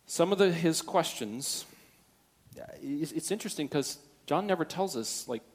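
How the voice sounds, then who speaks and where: A man's voice: a little high, expressive, a little slow, breathy edge. Man preaching a dynamic sermon. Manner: dynamic, swinging from hushed to loud, acting out quotes. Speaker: pastor.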